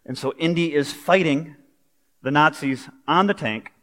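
A man's voice: on the high side, unhurried, long reverb tail. A man preaching a sermon in a conversational, storytelling way, with everyday asides. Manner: conversational, animated storytelling with pop culture asides.

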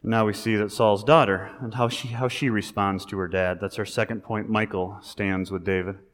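A male pastor giving a sermon, talking in a conversational, animated way that rises into emphasis. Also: fairly low pitch, normal speed. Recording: long reverb of a large hall.

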